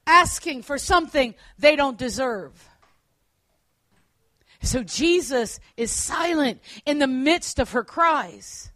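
A woman preacher giving a sermon, earnest, at times dropping to quiet emphasis and correcting herself as she goes. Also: high-pitched, animated, takes it slowly, no room sound.

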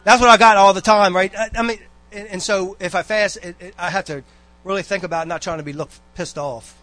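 A man, speaking casually to a church congregation. He rambles in a folksy way, breaking off into asides and stories. The delivery is a relaxed, unscripted church exhortation. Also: sits high, a little fast, no echo. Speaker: church member giving a talk.

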